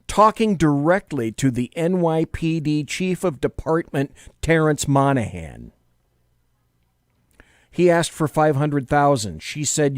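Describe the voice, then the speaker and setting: A man's voice: a little high, no echo, clean studio sound. A man hosting a talk radio show, giving sarcastic, opinionated commentary between audio clips. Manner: sarcastic, lively, mocking.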